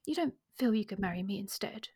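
A woman reading aloud the part of a plain-spoken, slangy young gentleman who proposes, in a soft, hushed voice. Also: mid-range voice, lively intonation, brisk, slightly rough. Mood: earnest.

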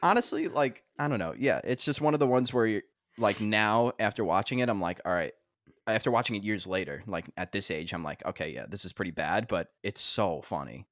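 A man's voice: on the low side, fairly quick, fairly bright tone, dry recording, studio quality. A young man in his twenties co-hosting a podcast, telling stories in a rambling way, with lots of fillers and frequent laughs. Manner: rambling storyteller, heavy on fillers, laughs often. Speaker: podcast co-host. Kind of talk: casual chat.

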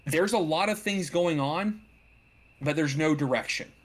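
A man hosting a casual movie review chat, talking emphatically with frequent restarts and false starts. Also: fairly high pitch. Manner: halting, restarts often, emphatic. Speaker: podcast host.

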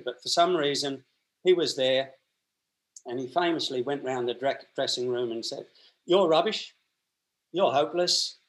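With a mid-range, slightly bright voice, this Australian podcast guest spins casual stories, doing voices for the characters and frequently starting over.

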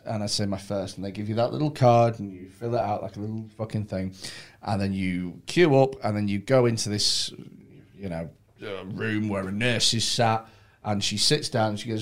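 A man's voice: on the low side, brisk. A man telling a story in casual chat, swearing and acting out the people in it. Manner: animated, swearing, acts out quoted voices.

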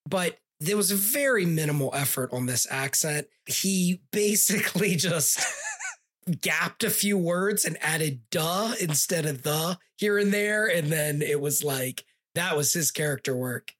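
Husky laughing podcast co-host. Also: mid-range voice, animated, unhurried, fairly bright tone. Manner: laughing, mocking commentary. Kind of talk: casual movie review chat.

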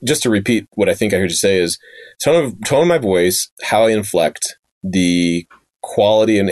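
A man's voice: deep voice, darkish tone, dry recording, clean studio sound. A man hosting a podcast interview, upbeat and affirming, recapping what his guest says. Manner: upbeat, affirming, quick to laugh. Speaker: podcast host. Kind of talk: casual interview talk.

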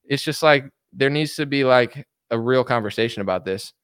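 A man talking off the cuff on a livestream, answering viewers' comments in a loose, filler-packed ramble full of restarts. His voice sits in a middle register and sounds smooth and resonant. It is caught close and dry, with no room echo. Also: mid-range voice, normal speed, fairly bright tone. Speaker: livestream commentator reading chat. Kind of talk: casual political rant.

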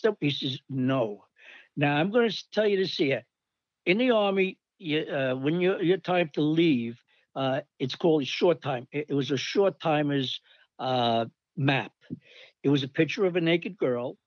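A man's voice: a little high, no echo, muffled recording. Older man rambling through old army stories. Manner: rambling, animated, acts out quoted voices. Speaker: storyteller recalling army days. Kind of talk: casual anecdote.

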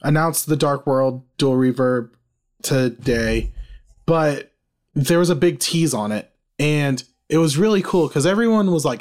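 An excitable male podcast co-host chatting casually and laughing often. His voice sits a bit high for a man, and his jokes spill out quickly. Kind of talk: casual chat.

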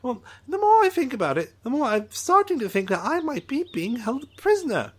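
A man voicing an excitable, chatty male alien creature who rambles and searches for words. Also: very high-pitched, fairly quick, voice pushed up, heavily acted. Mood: excited rambling.

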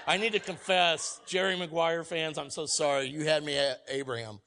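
A male pastor delivering a sermon with a high-pitched voice. His tone is bright and ringing. He talks energetically, acts out quoted lines, and moves between loud emphatic peaks and quiet asides. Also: steady tone, moderate pace.

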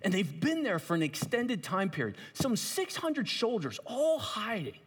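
Guy preaching, telling a bible story all animated, kinda husky, big echoey hall. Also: high-pitched, a little slow. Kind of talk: sermon. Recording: long hall reverb.

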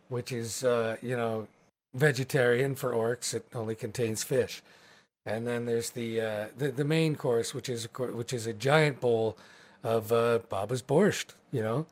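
A man's voice: mid-range voice, steady tone, unhurried. A man running a tabletop game as game master, narrating in a rambling, casual way with many fillers.

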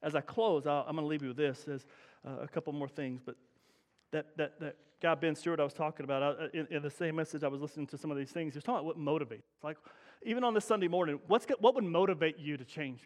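A middle-aged man preaches a sermon with a high-pitched voice, talking to the congregation like a neighbor before pushing into loud, emphatic peaks. The sound carries the long reverberation of a church sanctuary. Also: fast. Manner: conversational preaching with rising emphatic bursts. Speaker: pastor.

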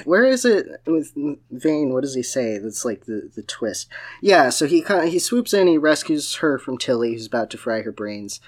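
A podcast host recapping a novel in casual chat, animated and laughing often. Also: mid-range voice, normal speed. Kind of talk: casual comedic book recap.

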